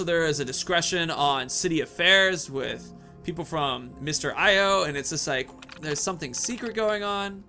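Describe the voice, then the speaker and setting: A man's voice: a little high, pushed and bright. A man casually commenting over gameplay, chatty and jokey. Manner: chatty, jokey, laughs often.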